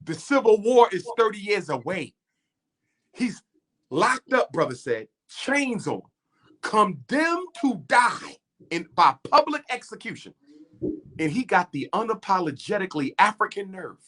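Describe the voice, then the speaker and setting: A man's voice: high-pitched, big pitch swings, a little slow, bright, forceful tone. A middle-aged man speaking as an interview guest, impassioned and preacher-like, building his points through rhythmic repetition.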